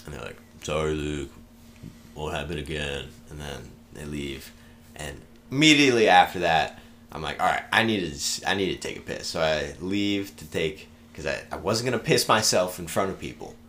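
Young man, very deep voice, casual swearing storyteller, podcast guest. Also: lively intonation, brisk, a bit bright, slight background noise. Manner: rambling, swears freely, laughs through stories.

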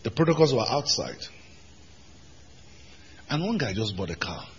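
A man preaching a sermon as pastor, emphatic, jumping from shouted lines to low asides. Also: very animated, measured pace, muffled recording, a little hiss or hum. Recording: hall reverb.

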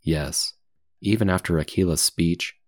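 A man reads a story aloud for English learners, slowly and deliberately, pausing for comprehension questions. His voice is very low and recorded close and dry, with no room sound. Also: a little mellow, no room sound. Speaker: English teacher.

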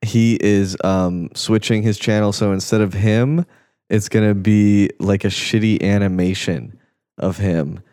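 A man's voice: lowish voice, steady tone, unhurried, warm tone, no room sound, studio quality. A young man co-hosting a podcast, chatting in a loose, rambling and profane way, often trailing off mid-thought. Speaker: podcast co-host. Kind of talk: casual chat.

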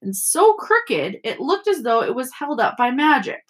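A woman teacher reading a novel aloud to children, expressive and storytelling. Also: high-pitched, normal speed, slightly rough. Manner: expressive storytelling with character voices.

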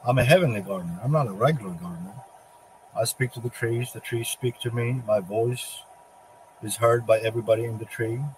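Man playing defiant Adam, taunting, mid-pitched and plain. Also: brisk, slight background noise, close to an everyday voice, poor audio. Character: defiant first man, Adam, confronting the devil.

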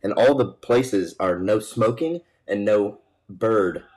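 Young man, low voice, podcast co-host, rambling casual joke telling. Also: slow pace, darkish tone, poor audio. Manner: rambling, laughs at his own joke.

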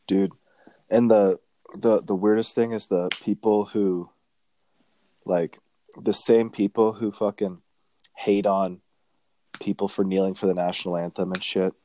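A man's voice: lowish voice, steady tone, unhurried, pauses often, warm tone, a little hiss or hum. A young man chatting casually as a podcast co-host, rambling and swearing constantly. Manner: crude, profane, rambling. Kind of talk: casual chat.

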